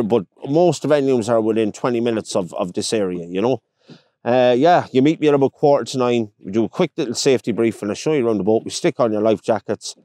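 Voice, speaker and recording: Irish man, fishing guide, chatty storyteller who plays out quotes; mid pitch, dry sound, outdoors on a boat. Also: dark tone, no room sound. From Ireland, County Longford. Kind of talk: casual interview chat.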